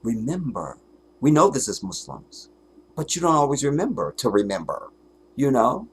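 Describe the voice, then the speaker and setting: Hosting his own livestream, a man with a husky, mid-range voice and huge pitch swings speaks in a heartfelt monologue. He is fervent and near tears, holding back crying, frequently pausing and falling to a whisper.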